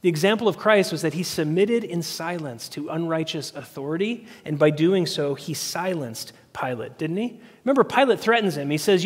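High-voiced preacher in a reverberant hall. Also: male voice, lively intonation, fairly quick, breathy edge. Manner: earnest, asks the congregation questions. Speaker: pastor. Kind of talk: sermon.

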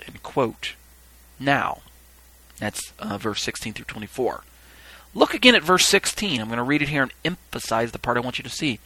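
A man reading scripture aloud and teaching on it, stressing key words slowly and breaking off into halting asides. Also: medium pitch, expressive, no room sound, low-quality recording. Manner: halting asides with fillers and restarts. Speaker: Bible teacher.

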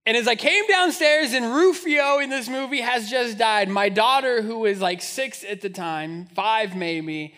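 A man in his thirties preaching a sermon to his church, telling a personal story with animated, self-mocking humor. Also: very high voice, a little slow, few pauses. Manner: storytelling, animated, laughing at himself. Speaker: pastor. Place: church sanctuary.

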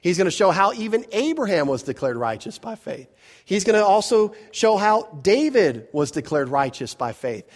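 A man preaching a verse-by-verse sermon as pastor, talking conversationally with rhetorical questions and quick self-corrections. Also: high-pitched. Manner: grows animated when telling a personal story.

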